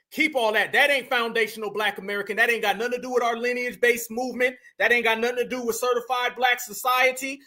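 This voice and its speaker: A man's voice: extremely high pitch, bright, forceful tone. A male host giving reaction commentary on clips in an emphatic, dismissive, slangy way.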